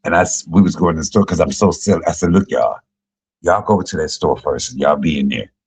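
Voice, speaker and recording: A middle-aged man, a comedian, telling profane, joking stories on a casual livestream and jumping high in pitch when he quotes people. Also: fairly quick, darkish tone, slight background noise, poor audio. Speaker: comedian and YouTube cook.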